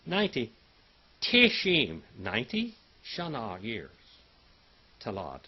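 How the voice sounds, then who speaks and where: A man lectures a Hebrew class in a folksy, teasing way, calling on students by name. His voice is husky and swings widely in pitch. The recording is dull and lo-fi. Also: huge pitch swings, slow pace. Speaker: Bible and Hebrew teacher.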